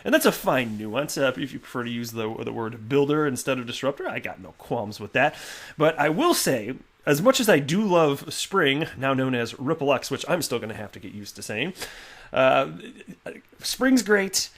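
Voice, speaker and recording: A man hosting a casual commentary video, chatty and animated with lots of fillers and restarts. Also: medium pitch, normal speed. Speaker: crypto video host. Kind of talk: casual commentary reading tweets.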